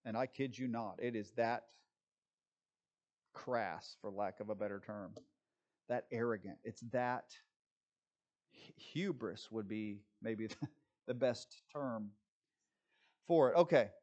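A man's voice: lowish voice, slow, pauses often, a little mellow, highs cut off. A man preaching a sermon as pastor, asking his listeners rhetorical questions, answering them himself and dropping wry jokes along the way. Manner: wry, joking asides.

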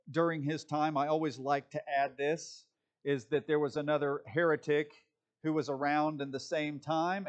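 A man preaching a sermon, emphatic and sarcastic in his asides. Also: medium pitch. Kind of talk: sermon teaching.

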